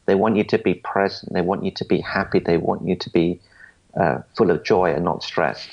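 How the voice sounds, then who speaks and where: A man in his forties talks through his story in a low, gravelly voice. He is earnest and often stumbles and restarts his sentences. The audio sounds muffled and lo-fi. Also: moderate pace. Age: 40s. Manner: earnest, stammers and restarts, quotes others. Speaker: podcast guest. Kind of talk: storytelling interview answers.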